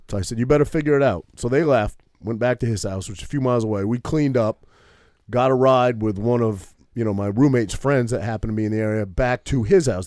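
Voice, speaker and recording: A man's medium-pitched voice comes through in studio quality with no room sound. He's a podcast co-host from Maine, telling a long story in a casual, swear-filled, animated style and repeatedly adding "right?"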